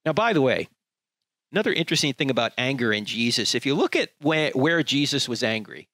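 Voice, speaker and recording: Emphatic male preacher, lively pitch. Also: brisk, no echo. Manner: emphatic, rhetorical, acts out quoted people. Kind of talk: sermon.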